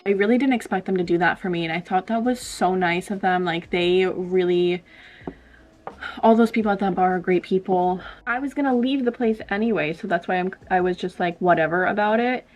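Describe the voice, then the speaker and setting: A woman's voice: lowish voice, a little fast, darkish tone. A young woman vlogger chatting casually through a story while getting ready, full of "like" and acted-out dialogue. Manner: chatty, lots of "like", acts out quoted dialogue.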